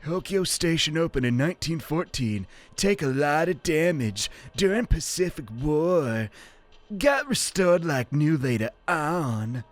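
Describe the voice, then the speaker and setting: A raspy elderly surfer dude, as a gamer puts him on. His voice is hoarse and strained, the phrases clipped and drawn out slowly. He sits a little higher than an ordinary speaking voice. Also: sing-song. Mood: mock informative. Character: elderly surfer guy with laryngitis.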